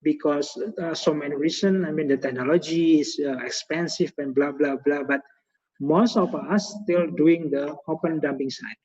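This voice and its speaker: A man with an Indonesian accent hosts a guest lecture webinar, speaking halting conversational English full of fillers and repeated words. His voice is on the high side, steady and darkish, heard through echoey, muffled video call audio.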